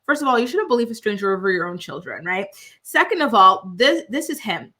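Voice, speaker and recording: Frustrated grown son, exasperated and quick, as a woman quotes him. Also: medium pitch, very animated, sharp tone.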